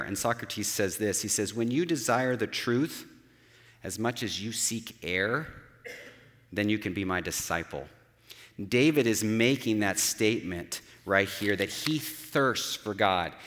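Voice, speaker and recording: A man's voice: mid-range voice, fairly bright tone. Earnest preaching man in a reverberant hall. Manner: earnest, conversational preaching with rhetorical asides. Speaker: pastor. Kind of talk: sermon.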